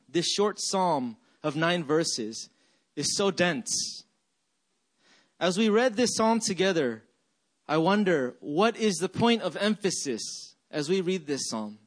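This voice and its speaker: A man's voice: high voice, sing-song, slow. A man preaching a sermon, reading scripture and then reflecting aloud with many rhetorical questions. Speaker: pastor.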